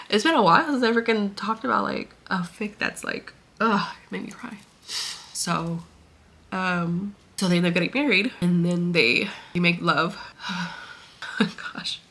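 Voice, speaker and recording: In a fairly low, fairly bright voice, a young woman vlogging about books takes her time retelling a story she read. She rambles with lots of fillers and grows emotional, tearing up, laughing and sighing.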